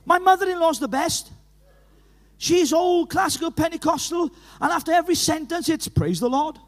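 High-voiced Welsh man preaching in a hall. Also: moderate pace. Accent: Welsh, from Llanelli. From Wales. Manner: animated, storytelling with laughs, rising to urgent calls. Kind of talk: lively evangelistic sermon. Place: church hall. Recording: reverberant hall.

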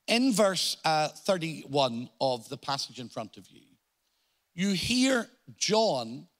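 A man with an Irish accent preaching a sermon, explaining scripture in a deliberate teaching manner and giving quoted lines strong emphasis. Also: fairly high pitch, a bit bright. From Ireland.

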